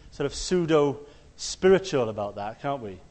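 A man preaching a conversational sermon. He tells stories and acts out the quotes, sometimes shouting them loudly. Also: mid-range voice, expressive, moderate pace, big-room sound.

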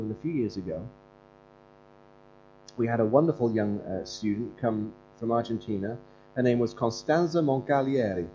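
A man preaching in a conversational, earnest storytelling way, with some fillers and restarts. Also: medium pitch. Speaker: pastor and Bible school leader. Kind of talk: conversational sermon. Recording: dull lo-fi recording with mains hum.

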